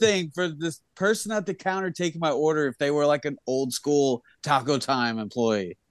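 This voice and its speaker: A middle-aged man co-hosting a casual podcast, tossing in quick jokes and reactions. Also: on the high side, no room sound, clean studio sound. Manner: jokey, quick interjections. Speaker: podcast co-host. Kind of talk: casual chat.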